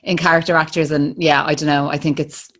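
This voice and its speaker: A woman in her thirties with an Irish accent hosts a podcast in a loose, rambling chat. Her voice sits fairly low, and she stumbles over restarts and fillers as she thinks aloud. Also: level tone, brisk, a bit bright. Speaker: podcast host. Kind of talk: casual interview chat.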